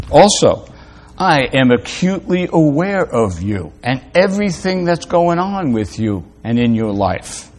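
A calm, fatherly divine voice that speaks low and hushed, as a preacher puts it on. it is tender and unhurried, with long pauses between phrases, and it sounds reassuring and patient. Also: a little hiss or hum. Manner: hushed, soft, slow and tender.

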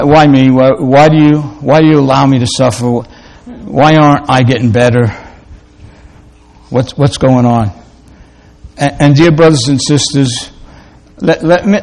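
A man's voice: mid-range voice, darkish tone. A man preaching a sermon as a pastor, earnest, often repeating himself and restarting phrases before closing in prayer.

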